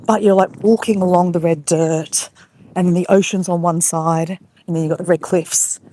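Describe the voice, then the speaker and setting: A woman's voice: lowish voice, fairly even intonation, normal speed, mellow, slight background noise. A woman with an Australian accent, live-streaming from her phone as she walks along a beach at sunset, chatting casually and greeting viewers by name. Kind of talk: casual live-stream chat while walking. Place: outdoors on a beach walk at sunset. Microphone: phone held while walking.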